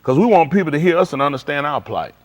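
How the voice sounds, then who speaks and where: A man preaching in a casual, conversational style, swinging from quiet to loud and acting out conversations. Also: a little high, quick pace. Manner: animated, shifting between quiet and loud, acts out dialogue. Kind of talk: livestreamed sermon.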